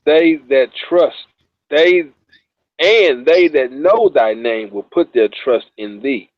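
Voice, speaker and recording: A man co-hosting a Bible study, reading scripture slowly and measured, then closing the show in relaxed talk. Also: medium pitch, dry recording. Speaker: co-host and scripture reader. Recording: tinny phone line.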